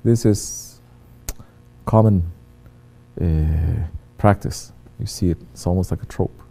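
Deep mellow-voiced man giving a sermon. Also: slow, gravelly. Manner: acts out quoted voices, swings from hushed to loud. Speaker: religious teacher.

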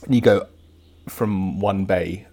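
A man's voice: low voice, slow, warm tone. A man co-hosting a casual podcast, chatty and often restarting his sentences. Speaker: podcast co-host. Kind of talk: casual chat.

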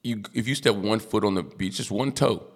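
A man's voice: on the low side, fairly quick. A man hosting a casual chat, talking in a loose, crude way and laughing easily. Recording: long reverb in the room.

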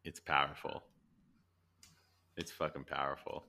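A man's voice: very deep voice, flat delivery, unhurried, gravelly, sharp tone, whispered. A man co-hosting a podcast in casual chat, laid-back, laughing often and swearing freely. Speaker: podcast co-host.

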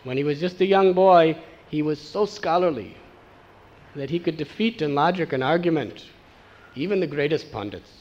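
A man giving a devotional storytelling sermon, animated and acting out the voices of the people in his tale. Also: on the high side, normal speed, highs cut off. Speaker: spiritual teacher.

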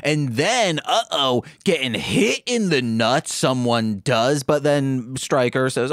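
A man's voice: medium pitch, animated, slow, hardly any pauses, a bit bright, dry recording, studio quality. A man co-hosting a podcast in casual chat, joking around and slipping into silly voices. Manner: goofy, jokey, slips into silly voices. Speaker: podcast co-host.

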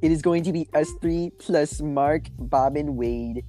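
A man's voice: fairly high pitch, a little slow, mellow, faint music behind. A man bantering on a podcast, playful and often shifting his voice. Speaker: podcast co-host.

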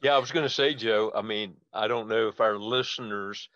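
A man's voice: fairly low pitch, normal speed, a bit bright, dry recording. Older male host, dull dry sound. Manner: chiming in with industry facts. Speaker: podcast host. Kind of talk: casual interview chat.

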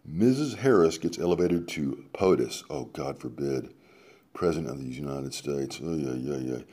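Man, deep voice, dark mellow tone, very animated delivery, reads aloud with sarcastic asides. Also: normal speed. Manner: interjects sarcastic asides between quoted passages. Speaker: radio host reading a column aloud. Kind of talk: reading aloud with running commentary.

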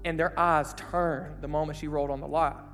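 A man's voice: fairly high pitch, flat delivery, moderate pace, fairly bright tone. A man preaching a sermon to young people, casual and emphatic, with slang and rhetorical questions. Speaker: pastor. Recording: echoey hall, faint music behind.

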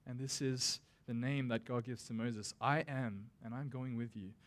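A man's voice: mid-range voice, fairly even intonation. Conversational man preaching a sermon. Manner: casual and conversational, with self-deprecating asides; acts out scripture quotes with slow, dramatic emphasis. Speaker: pastor.

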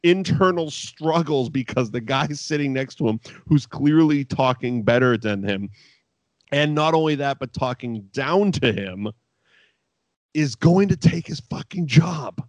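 A man hosting a podcast, telling stories in a rambling, profane, animated way. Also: mid-range voice, a little slow, no room sound. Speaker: podcast host. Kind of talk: casual chat recapping wrestling.

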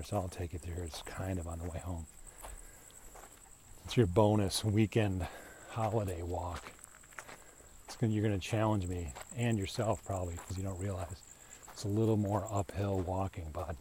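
Walking his dog outdoors, a man with a low, mellow voice hosts a podcast as casual, rambling chat, talking to the dog along the way. Faint outdoor noise and insects can be heard.

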